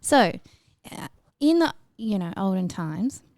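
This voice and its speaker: A woman's voice: medium pitch, sing-song, takes it slowly, very noisy. A young woman with an Australian accent co-hosting a casual podcast, rambling and hesitant as she explains. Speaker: podcast co-host. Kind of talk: casual chat.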